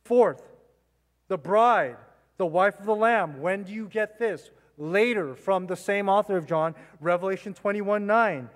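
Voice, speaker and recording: In a church sanctuary, a man preaches unhurriedly into a mic, his high voice followed by a long reverb tail. He delivers his sermon emphatically, repeating phrases and asking the congregation rhetorical questions.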